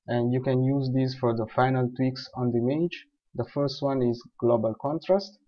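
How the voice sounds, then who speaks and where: A man calmly explaining software steps one by one in a screen-recorded tutorial. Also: medium pitch. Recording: dull lo-fi voice recording.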